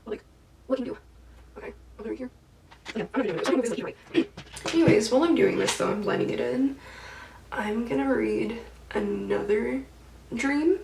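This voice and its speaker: A young woman talks through her makeup routine in a loose, giggly, filler-heavy way. Her voice carries a gravelly fry. She sits back from the mic in a roomy, echoey space with a faint hiss underneath. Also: fairly high pitch, fairly quick, long pauses. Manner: chatty, giggly, lots of "like". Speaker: beauty vlogger. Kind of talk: casual get-ready-with-me chat. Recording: echoey room, mic a bit far off.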